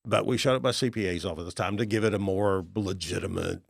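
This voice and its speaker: A man's voice: low voice, quick pace, creaky, no room sound, clean studio sound. A middle-aged man, a real estate investor telling folksy stories in a podcast interview and acting out the people in them. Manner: folksy, animated storyteller acting out dialogue.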